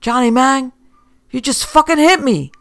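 A man's voice: very high voice, measured pace, a bit bright, voice pushed up, heavily acted. A man voicing a crude, vicious male henchman in an audiobook story. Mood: jeering. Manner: crude, jeering.

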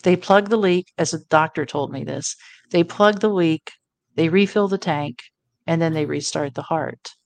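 Middle-aged woman telling her story in an interview, earnest, kinda low voice. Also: moderate pace, vocal fry, no room sound. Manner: earnest, reflective, quotes her own thoughts. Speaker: guest.

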